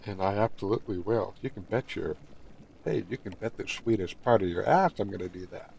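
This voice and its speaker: A man's voice: lowish voice, expressive, fairly quick, gravelly, a little mellow, a little hiss or hum. A middle-aged man streaming a game and chatting casually, rambling and making crude jokes.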